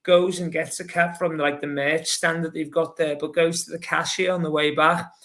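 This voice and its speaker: A man with a Scouse accent, a podcast guest telling a rambling, lively story full of fillers. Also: fairly high pitch, moderate pace. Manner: lively, rambling, heavy with fillers like "you know". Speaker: podcast guest, long-distance runner. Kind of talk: casual anecdotal storytelling.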